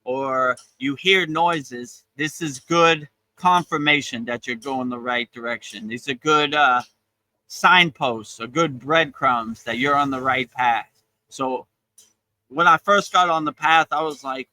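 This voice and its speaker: A man giving a casual spiritual talk as a teacher, relaxed and encouraging, often repeating his phrases. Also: mid-range voice, measured pace, dry recording, low-quality recording. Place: outdoors on a beach.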